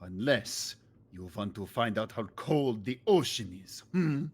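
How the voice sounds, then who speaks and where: A man voicing a stern adult male Swedish sailor who accuses and threatens, slow and halting with gruff grunts. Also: on the low side, lively intonation, a little hiss or hum, pitched below the performer's own voice. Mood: accusing.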